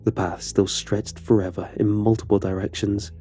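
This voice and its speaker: A man narrating a scripted horror story in a measured, somber way. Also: lowish voice, flat delivery, warm tone, faint music behind.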